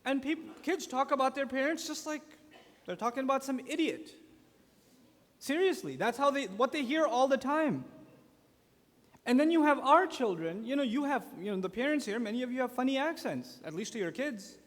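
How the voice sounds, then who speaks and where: Man, conference speaker, religious youth lecture, animated storyteller, high voice, big reverberant hall. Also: normal speed. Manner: animated storytelling with acted-out quotes. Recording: long echo of a large conference hall.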